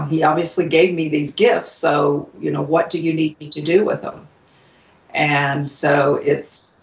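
A woman guest on a radio show, telling a personal story earnestly with many pauses, fillers and restarts. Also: low-pitched, gravelly. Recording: distant, roomy, dull lo-fi sound.

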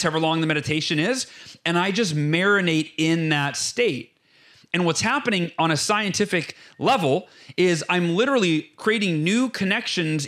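High-voiced, emphatic motivational speaker man. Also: sharp tone. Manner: emphatic, acts out inner voices; lays out numbered steps. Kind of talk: energetic motivational explanation.

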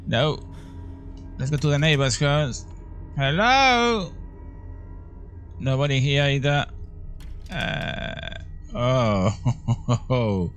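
Lively, slow-talking man playing horror games. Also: medium pitch, a little hiss or hum. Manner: jumpy, exclaiming, talks to viewers. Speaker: horror game let's-player. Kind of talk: game commentary.

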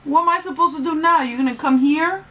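A woman's voice: high voice, fast talker, fairly bright tone. An actress playing a brash, profane sex worker demanding her money in a comedy sketch. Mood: furious. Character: fiery, loud-mouthed female sex worker demanding pay.

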